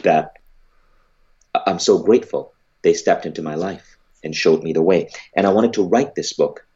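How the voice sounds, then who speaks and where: A man's voice: sits low, normal speed, warm tone, muffled recording, slight background noise. A man, an entrepreneur, telling a motivational story about his business and book, emphatic and blunt, with casual swearing.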